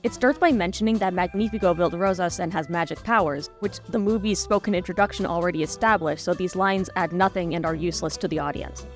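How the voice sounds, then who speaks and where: A woman's voice: on the low side, quick pace, few pauses, soft background music. A woman narrating a scripted video essay in a wry, analytical manner.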